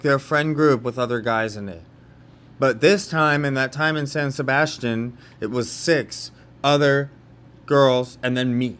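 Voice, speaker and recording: A young man from California tells a personal story in a relaxed vlog. His delivery rambles, full of filler words and sentences he restarts. His voice sits at an ordinary middle pitch for a man. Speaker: vlogger. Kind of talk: casual storytelling monologue.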